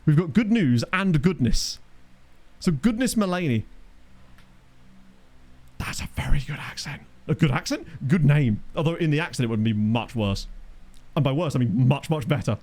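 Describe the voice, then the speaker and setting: Chatty streamer man with lively pitch. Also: normal speed, pauses often. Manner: rambling, jokey, reacts to chat. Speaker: streamer playing a football management game. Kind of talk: casual live-stream commentary. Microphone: desk microphone.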